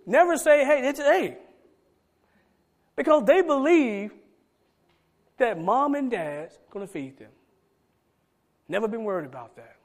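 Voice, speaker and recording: A middle-aged man preaching a sermon, swinging between loud emphatic calls and soft low asides. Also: very animated, measured pace, long pauses. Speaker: pastor.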